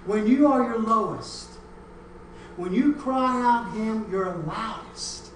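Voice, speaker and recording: A middle-aged pastor preaches in a church sanctuary at an unhurried pace and medium pitch, moving from gentle storytelling into loud, emphatic preaching. He sits far from the mic, his voice drenched in heavy room echo with a faint hiss underneath.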